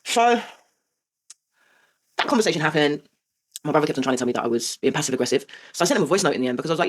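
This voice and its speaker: A woman's voice: low voice, lively intonation, very fast, long pauses. A woman in her forties, hosting a heartfelt confessional monologue, emphatic and blunt with the odd swear. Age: 40s. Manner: emphatic and heartfelt, swears, asks rhetorical "right?". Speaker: host.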